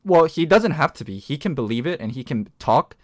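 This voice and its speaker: A man's voice: on the high side, expressive, a little fast. A man joining a casual esports podcast, talking enthusiastically and swearing now and then.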